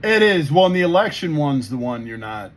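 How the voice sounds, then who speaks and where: A man's voice: on the high side, big pitch swings, a little fast. Male co-host, heated and blunt, casual rant, faint hiss. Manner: blunt, heated, heavy swearing. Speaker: podcast co-host. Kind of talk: casual political chat.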